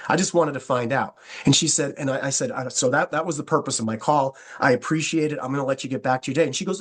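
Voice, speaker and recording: A man coaching a sales team, talking fast and acting out both sides of phone calls as he goes. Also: medium pitch, a bit bright. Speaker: network marketing trainer. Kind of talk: coaching talk with sample scripts.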